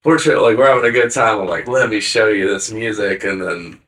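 A man's voice: lowish voice, brisk, fairly bright tone, recorded from a distance. A man co-hosting a casual podcast chat, talking loosely with lots of hesitations and filler words. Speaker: podcast co-host.

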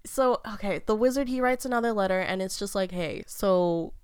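A woman's voice: a little high, fast talker, clean tone, dry recording, clean studio sound. A woman casually retelling a fairy tale to a friend, rambling and laughing often.

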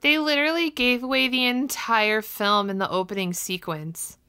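A woman co-hosting a casual movie review podcast, talking in an animated way with lots of "like" and playful asides. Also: a little high, normal speed, clear, resonant tone. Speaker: podcast co-host.

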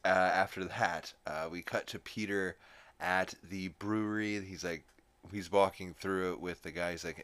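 A man's voice: low voice, normal speed, fairly bright tone. A man hosting a podcast, casually recapping a cartoon episode with lots of fillers and swearing. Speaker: podcast host.

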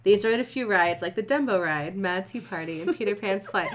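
A woman's voice: medium pitch, a little fast, slight background noise. A woman reading a comic fan story aloud, often stopping to joke and swear with a friend. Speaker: fan fiction reader. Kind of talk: casual comedic reading with banter.

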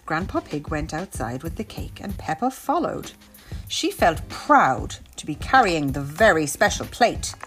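Animated woman reading a storybook. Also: sits low, measured pace, soft background music.

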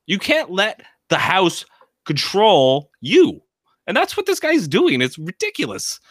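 A man co-hosting a casual podcast, talking in an animated, opinionated way. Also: sits high, a little slow, no echo, clean studio sound. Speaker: podcast co-host. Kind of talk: casual chat about a reality show.

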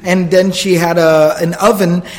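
A man's voice: high-pitched, little pitch movement, a little slow, big-room sound. A man giving a storytelling religious lecture, earnest and explanatory, repeating phrases for emphasis and reciting Arabic quotes fluently.

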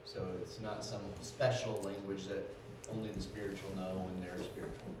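A man in the group adding a calm, explanatory comment during a Bible study. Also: low voice, moderate pace. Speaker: class member. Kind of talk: comment from the audience. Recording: distant voice in an echoey room with noise.

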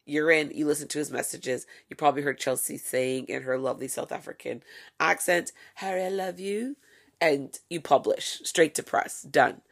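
A woman's voice: a bass voice, fairly even intonation, normal speed, vocal fry. A woman hosting a casual solo podcast, delivering sarcastic, profane, gossipy commentary. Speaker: podcast host.

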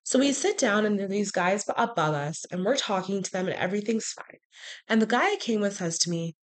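A woman hosting a podcast, telling a personal story in a frank, animated way with sarcastic asides. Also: medium pitch, brisk. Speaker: podcast host. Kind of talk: casual storytelling monologue.

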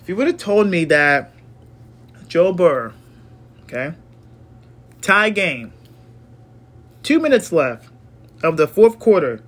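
A man recapping a football game in a casual, excitable way, swearing and ranting about the calls. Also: on the high side, takes it slowly, long pauses. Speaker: sports podcaster.

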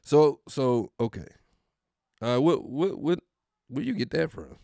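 A man's voice: mid-range voice, expressive, slow, creaky, warm tone, dry recording, studio quality. A man hosting a podcast in a casual, profane rant, mocking and often laughing. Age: adult. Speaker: podcast host.

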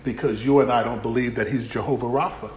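Pastor preaching in an echoey hall. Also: male voice, medium pitch, fairly even intonation, quick pace, slight background noise. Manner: dramatic swings from shouting to near-whisper, folksy. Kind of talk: sermon.

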